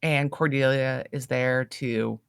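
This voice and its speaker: A woman's voice: very deep voice, steady tone, takes it slowly, creaky, clear, resonant tone, dry recording, clean studio sound. A woman co-hosting a casual book podcast, enthusiastically retelling scenes. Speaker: podcast co-host.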